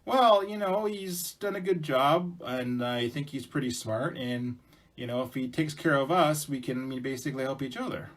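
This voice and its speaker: A man's voice: mid-range voice, fairly even intonation, normal speed, lightly acted. A man voicing a sleepy, easygoing young male mouse who talks hesitantly with many fillers. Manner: hesitant, rambling, lots of fillers.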